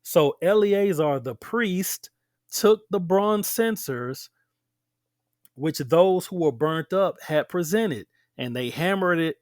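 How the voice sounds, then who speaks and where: A man's voice: on the high side, no room sound, studio quality. A man teaching scripture aloud, reading verses and breaking in with emphatic, conversational asides to his listeners. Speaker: Bible teacher.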